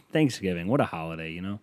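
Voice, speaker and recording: A man's voice: deep voice, a little mellow, dry recording. A man hosting a podcast, delivering a sarcastic, ranting comedic monologue and acting out the people he quotes. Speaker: podcast host.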